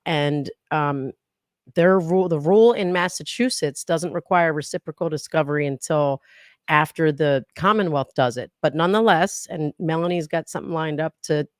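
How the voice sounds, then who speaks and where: A woman's voice: low voice, normal speed, no room sound, clean studio sound. A woman lawyer and podcaster, a guest on a casual legal livestream, talking in a chatty, agreeable way. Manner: chatty, agreeable, with small laughs.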